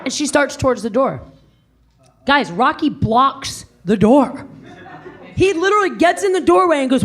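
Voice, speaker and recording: Brash, high-voiced woman doing stand-up. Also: normal speed, long pauses. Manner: brash, profane, animated storytelling. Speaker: stand-up comedian. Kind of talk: stand-up comedy set. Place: comedy club stage. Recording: live club audience laughing. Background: crowd laughing and cheering.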